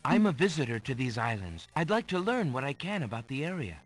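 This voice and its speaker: A man's voice: medium pitch, sing-song, a little fast, soft background music, close to an everyday voice. A man playing a polite young prince. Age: young adult. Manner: courteous, earnest. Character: polite young male prince, earnest and curious.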